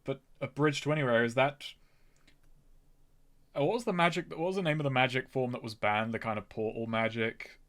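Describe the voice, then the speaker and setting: A man's voice: mid-range voice, a little fast, fairly bright tone. A man playing a tabletop game, chatting casually and joking with laughs. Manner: joking, laughs through his lines. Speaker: player.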